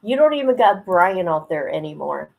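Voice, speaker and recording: A woman's voice: fairly low pitch, very animated, moderate pace, creaky, poor audio. A woman hosting a casual livestream, chatting colloquially, reading viewer comments aloud and laughing often. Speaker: livestream host.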